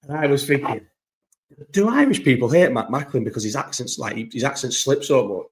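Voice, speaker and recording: A man's voice: medium pitch, expressive, fairly quick. A young man chatting at home in a laid-back vlog, with a mid-range voice. He rambles, swears casually and keeps restarting his thoughts as he goes. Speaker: vlogger. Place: at home, indoors. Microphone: own recording setup, maybe not through the microphone.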